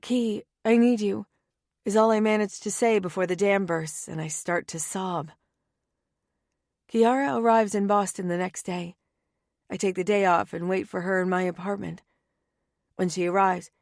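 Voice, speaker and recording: A woman narrating a first-person romance audiobook in a wry, anxious and often hushed manner, on a close studio mic. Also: mid-range voice, steady tone, moderate pace, dry recording.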